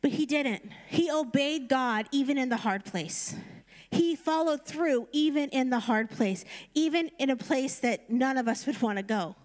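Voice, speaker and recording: A woman's voice: sits high, unhurried. A woman preaching a conversational sermon, retelling a story casually and then urging her listeners on. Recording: reverberant hall.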